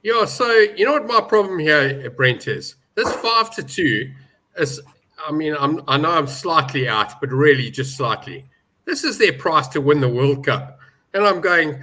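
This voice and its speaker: A man talks betting on a sports panel. His voice is bright and forceful, and his pitch sits a little high for a man. He pushes his points hard and keeps restarting as he goes. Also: lively intonation, moderate pace. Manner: emphatic, indignant about odds, many restarts. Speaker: betting pundit. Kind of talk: animated panel discussion.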